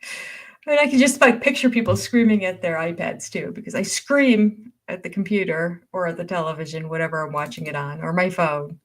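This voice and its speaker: A woman's voice: on the low side, brisk. An older woman hosting a casual livestream, reading viewer comments aloud and often laughing as she goes. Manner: chatty, warm-hearted and easily amused.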